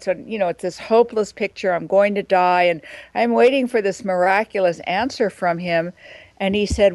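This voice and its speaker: A woman being interviewed as a guest, telling a personal spiritual story in a reflective, earnest way and slowing down for emphasis. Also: medium pitch, steady tone, a little mellow, no room sound, low-quality recording.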